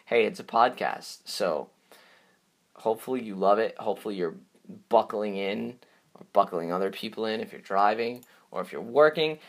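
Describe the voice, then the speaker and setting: A man's voice: fairly low pitch, expressive, normal speed. A man hosting his own podcast, talking alone in a casual, upbeat and rambling way, full of fillers and restarts. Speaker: podcast host. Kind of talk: casual solo podcast outro.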